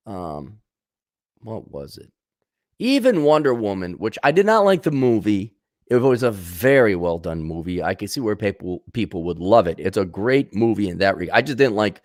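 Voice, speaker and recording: A man's voice: fairly low pitch, very animated, normal speed, no echo, clean studio sound. A man giving ranting commentary in a blunt, sarcastic, mocking manner.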